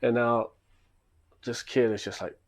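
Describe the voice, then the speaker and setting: A man's voice: mid-range voice, fairly even intonation, a little slow. A man casually telling a rambling story, acting out the back-and-forth.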